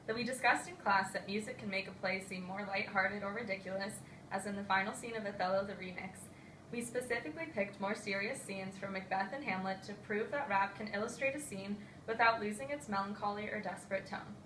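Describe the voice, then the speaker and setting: A woman's voice: medium pitch, brisk, a bit bright. A young woman student reads her project introduction and adds casual asides. The room sounds roomy. The mic sits at a distance, with a faint hiss. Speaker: student presenter. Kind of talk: reading a class presentation.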